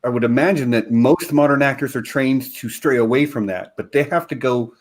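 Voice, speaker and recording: A man in a casual fan discussion who makes his points in a measured, analytical way. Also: mid-range voice. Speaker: podcast panelist.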